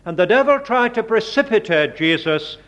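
Male preacher, measured sermon delivery, high voice, muffled old recording. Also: expressive, a bit bright. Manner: slow, deliberate preaching with dramatic emphasis on quoted words.

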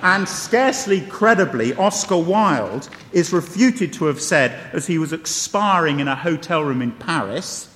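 High-voiced preacher in a reverberant hall. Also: male voice, lively intonation, measured pace, hardly any pauses, a bit bright. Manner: conversational, wry asides, emphatic repetition. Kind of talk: sermon. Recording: long reverb of a large hall.

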